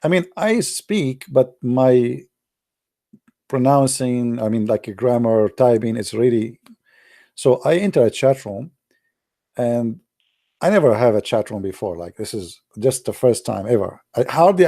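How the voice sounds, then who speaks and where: In an animated storytelling monologue, an Arab man who speaks Arabic natively spins tales in broken, Arabic-accented English. Whenever a punchline lands, his voice leaps high with excitement.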